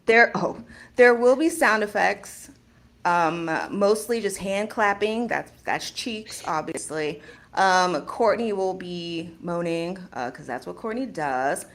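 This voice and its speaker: A woman hosting a casual chat show, animated and exclaiming, often laughing. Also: on the low side, takes it slowly. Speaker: podcast host reading fan fiction.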